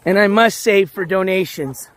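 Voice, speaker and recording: A man hosting a casual walking livestream outdoors, reading the chat aloud, shouting thanks for donations, and losing his voice. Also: high-pitched, normal speed. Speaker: livestream host. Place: outdoors on city streets, walking dogs. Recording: faint street noise outdoors.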